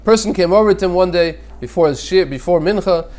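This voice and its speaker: Fast-talking man giving a short sermon. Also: high voice, darkish tone. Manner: earnest, repeats words as he restarts phrases. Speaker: rabbi giving a Torah thought.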